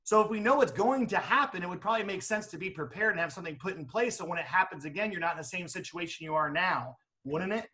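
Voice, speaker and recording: A man in insurance sales talking in a casual panel chat, quick and animated, with many restarts. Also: high voice.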